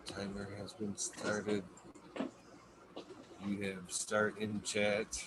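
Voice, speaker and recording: A man's voice: lowish voice, completely flat delivery, very slow, background noise. Loose, profane man hosting a chat. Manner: loose, profane, laughing storyteller. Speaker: podcast host. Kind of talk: casual chat.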